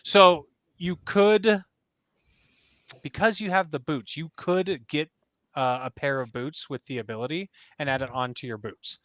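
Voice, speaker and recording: A young man as game master, chatty and quick to laugh, narrating and answering rule questions. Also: a little high, fairly bright tone, no echo. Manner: chatty, laughs easily, many fillers.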